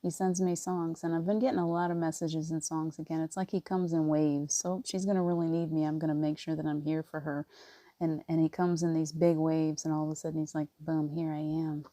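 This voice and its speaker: A woman giving gentle spiritual encouragement in casual live talk, rambling with restarts and often near tears. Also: sits low, level tone, a little fast, no room sound. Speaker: spiritual reader.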